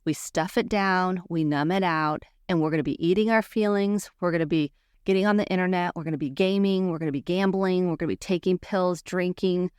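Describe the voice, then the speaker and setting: A woman's voice: on the low side, brisk, a little mellow, smooth, no echo. Woman therapist coaching on her podcast, earnest, acts out example lines, dry close mic. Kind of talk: teaching podcast monologue.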